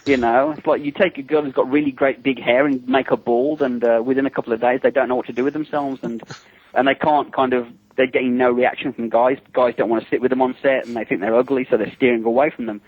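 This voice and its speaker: Animated man, husky, lo-fi radio. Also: mid-range voice, fast talker, dry recording. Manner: animated, chatty, frequent fillers, acts out others' voices. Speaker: special effects makeup artist, interview guest. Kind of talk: anecdotal storytelling in a radio interview. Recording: dull lo-fi dry radio recording.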